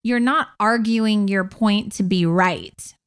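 A woman's voice: mid-range voice, takes it slowly, smooth. A woman co-hosting a podcast, chatting effusively and filling her speech with "like". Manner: warm and effusive, leans heavily on "like". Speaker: podcast co-host. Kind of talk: casual podcast conversation.

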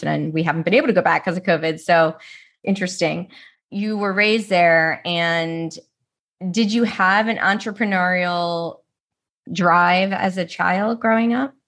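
Energetic middle-aged woman host. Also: fairly low pitch. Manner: energetic, chatty. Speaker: interview host. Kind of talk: interview over video call. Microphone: video call.

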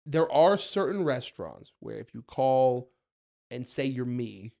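A young man telling stories in a casual podcast chat, acting out quotes in a high voice. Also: unhurried, creaky. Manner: animated storyteller, acts out quotes in a high voice. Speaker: guest, food content creator.

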